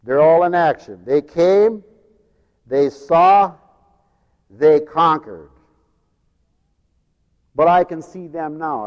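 A male preacher delivering a dramatic sermon, swinging from loud proclaiming to near-whispered storytelling. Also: fairly high pitch, animated, takes it slowly, long pauses, highs cut off. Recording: long hall reverb.

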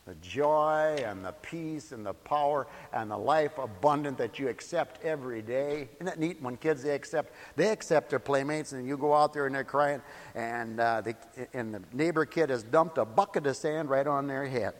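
A man preaching a sermon in a folksy way, moving between soft asides and loud, emphatic points. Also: mid-range voice, normal speed, hardly any pauses, big-room sound. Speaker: pastor.

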